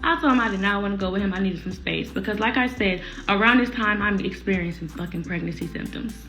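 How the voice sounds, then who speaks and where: A woman's voice: medium pitch, fast talker, fairly bright tone, faint music behind. A young woman telling a personal story in casual, slangy talk, speaking straight to her viewers. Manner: candid, slangy, addresses viewers directly.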